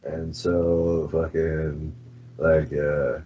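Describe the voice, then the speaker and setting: A man's voice: a bass voice, little pitch movement, drawn-out words, a little hiss or hum. A podcast host chatting casually, a laid-back man who swears and calls people bro. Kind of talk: casual chat. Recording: dull lo-fi recording.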